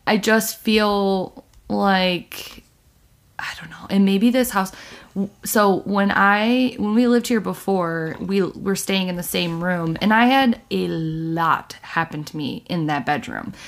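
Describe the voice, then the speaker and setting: A young woman co-hosting a casual chat, telling rambling stories full of fillers and giggles. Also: mid-range voice. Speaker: podcast co-host.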